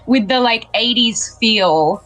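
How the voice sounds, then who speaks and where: A woman's voice: a little high, slow, fairly bright tone, soft background music. A woman who plays in a tabletop game, chatting casually during a break and laughing often.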